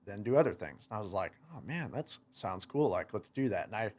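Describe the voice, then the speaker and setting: A young man in his twenties with a slightly low voice tells a story in an easygoing podcast chat. He rambles, leans on "like" constantly and acts out what he and others said. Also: expressive, fairly quick, darkish tone. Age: 20s. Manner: rambling, many "like" fillers, quoting himself. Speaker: guest, motocross racer.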